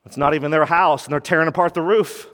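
A man preaching a radio sermon, emphatic, dropping low for key points and rising when he quotes. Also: fairly even intonation, quick pace, a bit bright, long reverb tail. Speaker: pastor.

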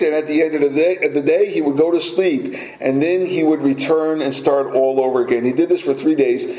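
A man's voice: medium pitch, mellow. A man preaching a sermon in a conversational way, often asking the listeners questions. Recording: echoey room.

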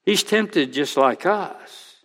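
A male pastor preaching a sermon, slow and emphatic, quoting scripture aloud. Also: on the high side, animated, fairly bright tone, breathy edge, long reverb tail.

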